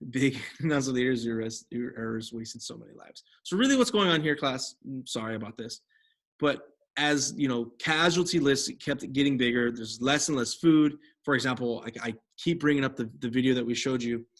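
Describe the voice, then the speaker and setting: Young adult man, history teacher, classroom lecture, rambling, self-correcting. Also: mid-range voice. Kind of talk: classroom lecture over slides.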